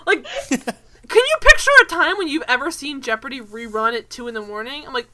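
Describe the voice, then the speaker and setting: Woman, podcast co-host; high bright voice, animated ranting delivery. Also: a little fast. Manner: animated, ranting, swears a lot, laughs often. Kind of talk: casual chat.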